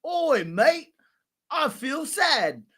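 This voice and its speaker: Man doing a sad British lad, high squeaky pleading voice, British accent, whiny. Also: sing-song, very slow, bright, forceful tone, exaggerated voice. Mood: mock sad. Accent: British, put on. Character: mopey young British man, whiny and soft.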